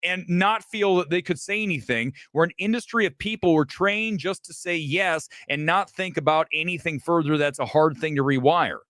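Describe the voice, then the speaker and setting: A man's voice: a little high, normal speed, hardly any pauses, a bit bright, no room sound. A man hosting a film talk show, ranting in a combative, profane, emphatic way. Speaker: host.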